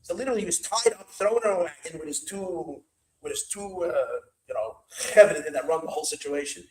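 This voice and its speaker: A man spins a story as a rabbi at an evening gathering, animated and full of repeats and Yiddish words. His voice runs high with wide swoops in pitch. The hall rings with echo. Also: fairly quick, crowd noise.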